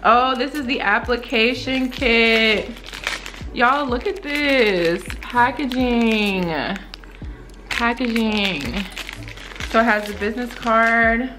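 A young woman with an excited casual unboxing vlog, gasping and exclaiming as she opens packages. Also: slow, music in the background. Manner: gasping, exclaiming, swooping up high when thrilled. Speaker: beauty vlogger unboxing small-business packages.

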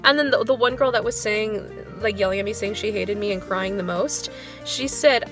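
Over faint background music, a twenty-something woman who teaches music at an elementary school rambles in a casual vlog, her medium-pitched voice a bit bright and at a normal pace. She fills her storytelling with "like" throughout, sounding dejected and short on motivation as she vents.

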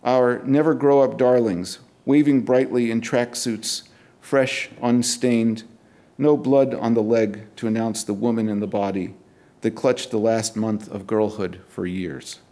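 Here a middle-aged poet, speaking at medium pitch in a mellow tone, delivers his poems in a deliberate, measured way at a university event, adding offhand comments as he moves from one poem to the next.

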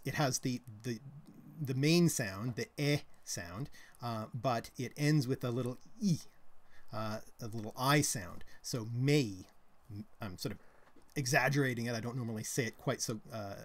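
A man's voice: medium pitch, moderate pace. A Canadian man co-hosting a live stream, explaining linguistics in a casual, hesitant way with many ums and restarts. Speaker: co-host.

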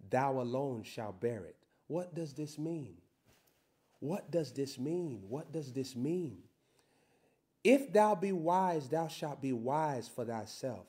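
A man preaching a sermon, reading scripture slowly and building to loud, shouted emphasis. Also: on the high side.

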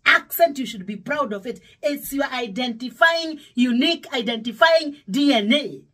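A woman's voice: high-pitched, animated, normal speed. A middle-aged woman from Kenya with a Kenyan accent, preaching a devotional sermon emphatically, repeating her phrases. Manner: emphatic, repeating phrases, sudden louder exclamations. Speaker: pastor.

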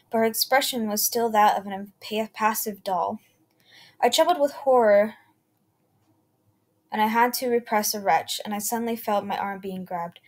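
A woman's voice: mid-range voice, darkish tone. A woman narrating a first-person horror story, reading unevenly with slips and self-corrections. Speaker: channel host reading creepy stories.

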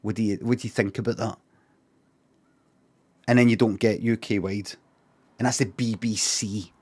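A man's voice: fairly low pitch, steady tone, moderate pace, darkish tone, breathy edge. A Glaswegian man streaming, giving rambling, sweary reaction commentary with lots of restarts. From Scotland.

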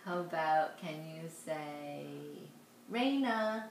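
A woman's voice: low voice, animated, a little hiss or hum. Patient mother coaxing a toddler. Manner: patient, repeats words slowly and laughs softly. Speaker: parent coaching a toddler to say names. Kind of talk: home video, coaxing a child. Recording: echoey room.

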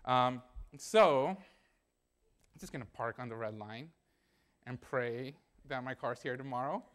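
A man's voice: medium pitch, unhurried, a bit bright. A young man preaching a sermon in a church, telling a personal story in a conversational way and acting out the dialogue.

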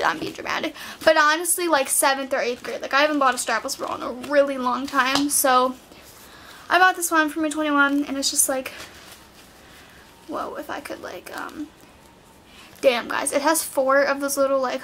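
A woman's voice: high voice, steady tone, moderate pace, bright, forceful tone, a little hiss or hum. A teenage girl chatting at home in a clothing haul vlog, bubbly and full of "like"s. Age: late teens. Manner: bubbly, chatty, filler-heavy talk with many "like"s. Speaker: vlogger. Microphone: built-in camera mic.

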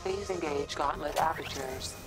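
A woman voicing a female suit computer AI that announces steps in a clipped, even way, over game music. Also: low voice, moderate pace, natural voice.

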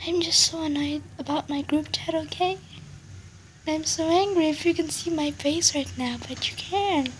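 A woman's voice: high voice, moderate pace, a little hiss or hum. A young woman hosting her gaming channel, ranting in annoyance over a game with muttered asides. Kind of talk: casual game commentary.

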